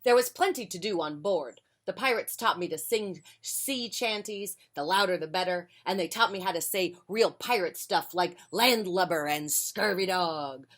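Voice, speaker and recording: A woman reading a children's picture book aloud on a porch, with a gentle, friendly delivery. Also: lowish voice, moderate pace, few pauses. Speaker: children's storyteller.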